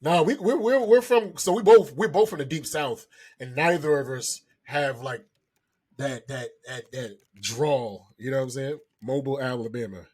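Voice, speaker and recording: A young man from Florida co-hosting a podcast, joking loudly in casual comedic chat. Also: mid-range voice, normal speed, slightly rough. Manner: loud, joking, breaks into improvised raunchy song. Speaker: podcast co-host.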